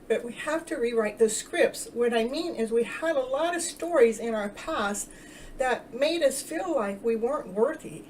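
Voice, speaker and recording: A woman's voice: a little high, darkish tone. A woman hosting a casual self-love livestream, rambling, earnest and chatty, greeting viewers and laughing now and then. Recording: distant mic with faint background noise.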